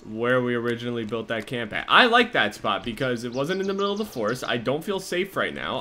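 Excitable swearing young gamer guy. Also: a little high. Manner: profane, excitable, jumps from muttering to panicked yelling. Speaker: gaming commentator. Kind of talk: live gameplay commentary.

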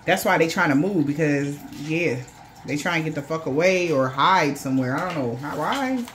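A woman with a low-sitting voice and lively intonation reads tarot at a moderate pace, loose and swearing freely while performing other people's voices. The recording is very noisy.

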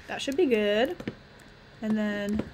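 A young woman giving casual, chatty commentary on her own gameplay, thinking aloud and quick to exclaim. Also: medium pitch, noisy background. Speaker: gamer.

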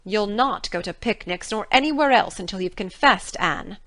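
A woman's voice: medium pitch, lively intonation, moderate pace, a bit bright, lightly acted. A woman playing a stern, blunt middle-aged spinster in an audiobook drama, speaking in firm, clipped scolding tones.

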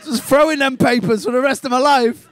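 High-voiced Liverpool man doing stand-up. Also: fairly bright tone, a faint crowd. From England. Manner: swears freely, quick mocking put-on voices. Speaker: stand-up comedian. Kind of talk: stand-up comedy set. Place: comedy club stage.

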